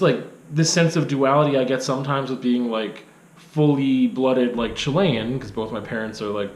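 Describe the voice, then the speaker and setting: A young man, talking casually to camera in a rambling, self-deprecating way, full of hedges and fillers. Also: medium pitch. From Canada. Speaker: video blogger and artist. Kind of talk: casual unscripted monologue. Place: art studio. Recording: echoey room.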